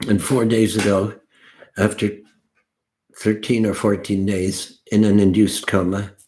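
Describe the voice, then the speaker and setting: An older man, a folk singer hosting an online mini-concert, speaking slowly and gravely, with phrases that trail off softly. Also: lowish voice, flat delivery, a little hiss or hum. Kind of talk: somber spoken address between songs.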